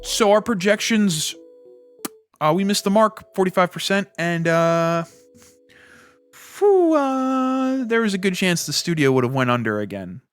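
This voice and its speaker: Casting: a man playing a flustered male studio boss, raised pitch, stumbling and hesitant. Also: expressive, measured pace, faint music behind.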